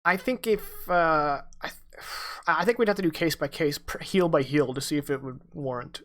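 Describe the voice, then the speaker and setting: A man running a tabletop game as game master, narrating with many restarts and pauses. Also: a little high, fairly bright tone. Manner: halting, lots of restarts and ums.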